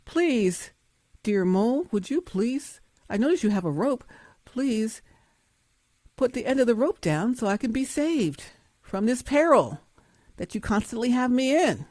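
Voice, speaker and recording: A woman's voice: a little high, big pitch swings, measured pace, darkish tone, no echo, studio quality, pitched above the performer's own voice. A woman playing a pleading man on a cliff. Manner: pleading, frantic. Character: desperate man dangling from a cliff.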